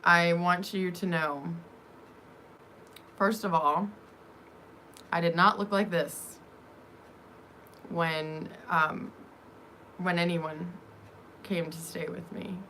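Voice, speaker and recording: A woman vlogger telling a personal story in a halting way, with many pauses and fillers. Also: on the low side, fairly even intonation, sharp tone, slight background noise.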